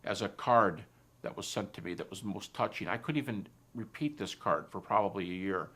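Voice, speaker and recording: A man, a Christian philosopher, giving a personal testimony talk in a reflective, soft-spoken way, retelling conversations as dialogue. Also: sits low, normal speed, breathy edge.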